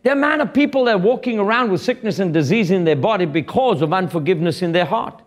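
A man preaching a sermon in an animated, blunt and joking way, quoting scripture and retelling a fable. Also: sits high, fast talker.

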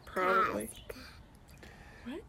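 A woman's voice: medium pitch, slow pace, creaky, a crowd in the background. Thirties woman, mom and podcast co-host; loose, laughing, rambling casual chat. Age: 30s. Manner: chatty, laughs often, lots of "like" fillers.

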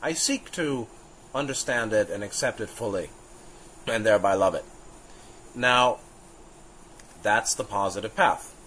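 A man's voice: on the low side, fairly bright tone, a little hiss or hum, low-quality recording. Man musing through a spiritual teaching. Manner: musing, halting, with frequent fillers and restarts; chuckles now and then while explaining.

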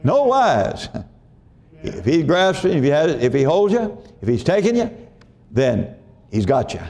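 Male pastor, higher-pitched voice, folksy repetitive sermon delivery with questions to the congregation. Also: sing-song, moderate pace, dark tone. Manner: folksy, repeats phrases, asks congregation questions.

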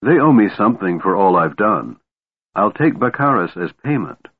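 An imperious young elf woman general, cold and proud, as a male narrator puts her on. Her lines sit higher than his usual low register, with a lively, sharp edge. The audio is thin and phone-like. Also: moderate pace, breathy edge. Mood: bitter.

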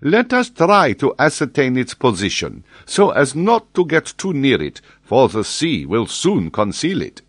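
A man reading an audiobook, voicing an excitable French geographer in a raised, eager voice. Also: a little slow, hardly any pauses, dry recording, clean studio sound. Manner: eager, high-pitched exclamations. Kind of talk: audiobook character voice.

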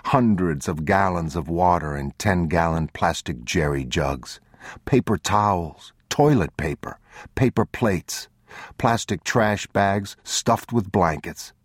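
An extremely deep, husky male narrator reads a story slowly and gravely, taking his time over every phrase. The sound is dry and close, straight into a studio microphone. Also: lively intonation, no echo. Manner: measured, grave, unhurried. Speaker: audiobook narrator. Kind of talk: scripted narration.

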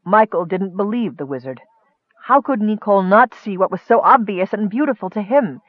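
A man narrates a fantasy story in steady, expressive storytelling. His voice is high for a man. The recording is dry, close and slightly dull. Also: normal speed, no echo. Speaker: audiobook narrator.

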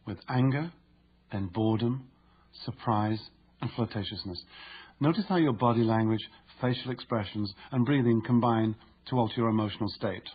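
A man narrating an instructive audiobook in a steady, explanatory way. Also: lowish voice, husky, muffled recording.

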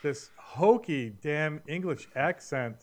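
A man's voice: on the high side, lively intonation, slow, a crowd in the background. A man co-hosting a podcast, chatting casually about a book with blunt, opinionated complaints. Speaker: podcast co-host. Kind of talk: casual book-review chat.

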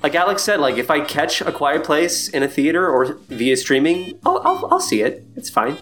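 A man's voice: on the high side, sing-song, moderate pace, a bit bright, soft background music. A man in his thirties hosting a podcast in casual chat, swearing freely and laughing often. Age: 30s. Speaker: podcast host.

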